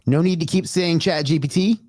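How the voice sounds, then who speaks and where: Casual livestream host, dry close sound. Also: male voice, on the high side, a little fast, darkish tone, no echo. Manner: loose and chatty, swears, talks to himself.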